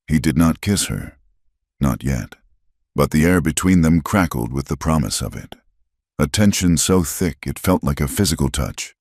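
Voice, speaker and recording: A man narrating a western romance story in a measured, dramatic storytelling style. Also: very deep voice, animated, darkish tone, slightly rough, no room sound, clean studio sound. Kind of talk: scripted narration.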